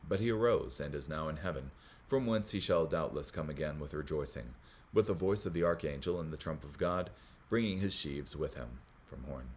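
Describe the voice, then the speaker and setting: A man hosting a Bible study, reading commentary aloud in a measured way, with small slips that he corrects as he goes. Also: very deep voice.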